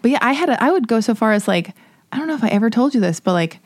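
Woman host from LA, lively and self-mocking storyteller, dry close sound. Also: a little high, very fast, dry recording. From Los Angeles. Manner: animated storyteller, self-deprecating, laughs often. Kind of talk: casual chat.

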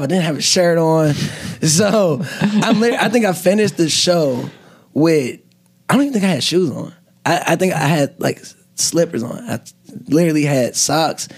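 A young man, a comedian guest, telling a story in casual chat with lots of laughs and restarts. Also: fairly high pitch. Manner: rambling, laughing, fillers and restarts.

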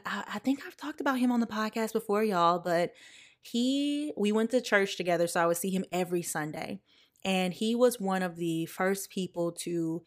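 A young woman hosting a podcast, talking casually and emotionally to her listeners, calling them y'all. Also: on the low side. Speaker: podcast host. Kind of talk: casual personal podcast talk.

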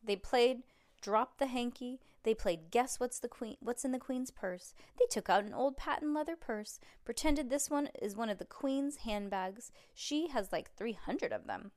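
A woman reads a children's story aloud in a fairly high voice. She stops now and then to chat with her young listeners about the story. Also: unhurried, darkish tone. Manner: chatty asides to young listeners. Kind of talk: children's book read-aloud.

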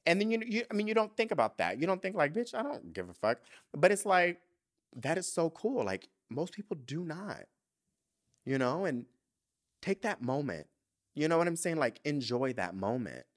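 A man's voice: on the high side, big pitch swings, moderate pace. A young man hosting a podcast, talking candidly and emotionally in a casual chat, swearing freely. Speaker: podcast host.

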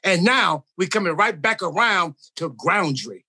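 A man's voice: high voice, expressive, unhurried, sharp tone, slightly rough. A middle-aged man as a podcast guest in casual chat, rambling and earnest, full of slang.

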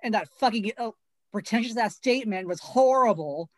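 A woman co-hosting a podcast in casual chat, blunt and profane, speaking in quick bursts. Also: a little high, animated, no room sound. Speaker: podcast co-host.

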